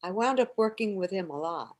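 An older woman, a stage singer, telling lively anecdotes in an interview, acting out quotes and laughing often. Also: medium pitch, fairly quick. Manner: animated storyteller, acts out quotes, laughs often.

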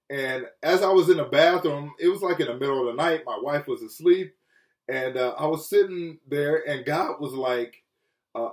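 A man preaching a sermon with earnest feeling, often dropping low and soft and then rising for emphasis. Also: roomy sound, distant mic. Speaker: pastor. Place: Chicago.

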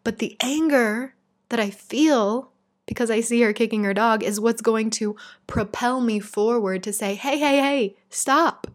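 A woman's voice: on the high side, steady tone, measured pace. Earnest woman giving a spiritual talk. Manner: earnest, emphatic, reflective. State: shaken. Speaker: spiritual speaker.

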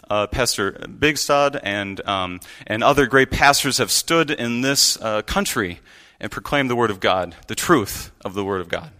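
A man's voice: medium pitch, bright, forceful tone. A man giving a sermon from a church pulpit, preaching in an earnest, conversational storytelling way. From United States. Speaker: guest preacher.

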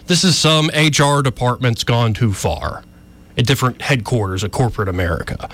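A man's voice: medium pitch, moderate pace. Wry talk radio host man. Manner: ranting, wry, animated. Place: radio studio.

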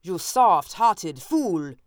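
A narrator doing a frantic, desperate inventor. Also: male voice, high-pitched, very slow, dark tone, clean tone, no room sound, studio quality. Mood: mocking. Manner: pleading, then shrieking and mocking. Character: frantic male time-traveling inventor, desperate then vicious.

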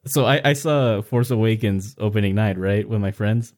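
A man co-hosting a podcast, telling a family story in a casual, animated way and acting out the voices of his relatives. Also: on the low side, moderate pace. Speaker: podcast co-host.

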